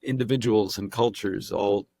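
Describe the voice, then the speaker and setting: A middle-aged man from Southern California, a guest actor and impressionist, telling stories in a lively casual podcast chat and often restarting his sentences. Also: fairly low pitch, moderate pace, vocal fry, no echo, studio quality.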